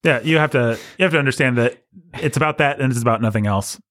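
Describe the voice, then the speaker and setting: A man's voice: medium pitch, quick pace, a bit bright, no echo, clean studio sound. A man hosting a casual film discussion, explaining at length with many restarts. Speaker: podcast host.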